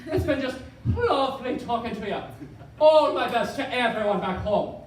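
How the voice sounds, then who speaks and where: A man's voice: very high voice, expressive, moderate pace, a little hiss or hum. Sing-song young Irish woman, sweet and lilting, as a comedian puts her on, in an echoey live room from far off.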